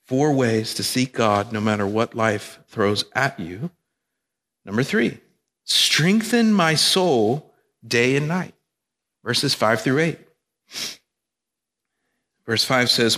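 A man's voice: medium pitch, lively intonation, slow, pauses often, sharp tone. A male pastor preaching a sermon, emphatic and repetitive, with joking asides. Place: church sanctuary. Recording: long reverb of a church hall.

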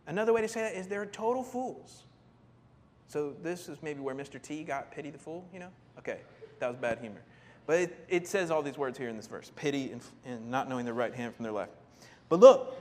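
Animated high-voiced male preacher in a hall. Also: brisk. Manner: animated, acts out voices of biblical figures with big pitch jumps. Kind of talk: sermon.

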